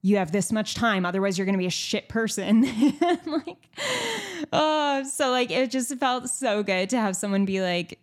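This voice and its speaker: A woman's voice: medium pitch, expressive, moderate pace. A young woman hosting a podcast, chatting candidly and frankly, with lots of fillers and some swearing. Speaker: podcast host. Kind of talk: candid casual chat.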